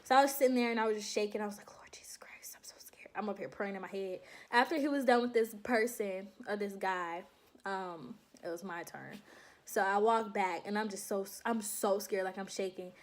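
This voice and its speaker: A young woman vlogging to her viewers in a casual, animated storytelling way, laughing often and calling them y'all. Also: mid-range voice. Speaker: vlogger recounting her enlistment processing.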